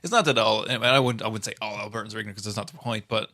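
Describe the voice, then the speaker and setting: Man, Newfoundland accent, bright tone, dry close sound, casual podcast banter. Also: lowish voice, fairly even intonation, very fast, dry recording. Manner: chatty, drops local slang.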